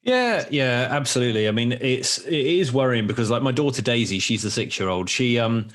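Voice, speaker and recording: A man hosting a podcast in a loose, casual chat, his voice sitting in a middle pitch. He rambles through animated stories and restarts his sentences often. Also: a little fast. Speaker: podcast host.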